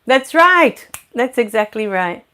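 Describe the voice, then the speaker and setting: Aussie lady, middle-aged, chatty spiritual host on a live stream, kinda high voice, talking into a desk mic at home. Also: very animated, sharp tone. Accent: Australian. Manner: chatty and laughing with viewers; slow soothing meditation guidance. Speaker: spiritual teacher hosting a livestream. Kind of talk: livestream talk and guided meditation. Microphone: new USB microphone at a computer.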